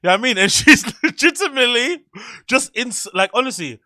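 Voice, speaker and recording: A man hosting a show, excitedly reacting to a video with slangy, swearing commentary. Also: very high-pitched, a little fast, no echo, clean studio sound. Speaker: host.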